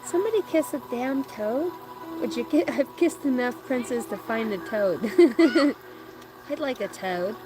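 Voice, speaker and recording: A woman's voice: on the high side, moderate pace, poor audio. A woman doing a live-stream oracle card reading, chatting playfully and joking with her viewers.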